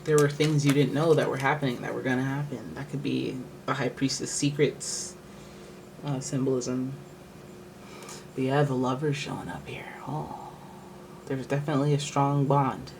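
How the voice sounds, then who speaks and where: A man's voice: mid-range voice, steady tone, normal speed, vocal fry. Guy rambling through a tarot reading, lots of likes and restarts, hissy background noise. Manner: rambling, thinking aloud with many likes and restarts. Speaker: tarot reader.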